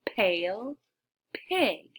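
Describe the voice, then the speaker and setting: A woman teacher leading a shared reading lesson for young children, sounding out letters slowly and often dropping to a whisper, encouraging and animated. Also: mid-range voice. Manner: animated, encouraging, with gasps of discovery.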